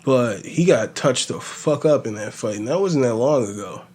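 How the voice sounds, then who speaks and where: A man with a slight lisp hosts a podcast and rambles loosely through fight picks. He swears freely and piles up filler words, and his speaking pitch sits in a middle range. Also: normal speed. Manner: profane, rambling, animated storytelling. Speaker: podcast host. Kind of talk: casual fight-prediction chat.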